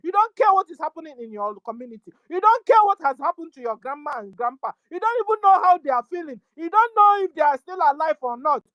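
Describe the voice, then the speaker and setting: High-voiced scolding Nigerian woman. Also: very animated, fast, hardly any pauses, no echo, highs cut off. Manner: scolding, repetitive, rising to shouts. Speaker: activist speaker. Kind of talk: impassioned political address.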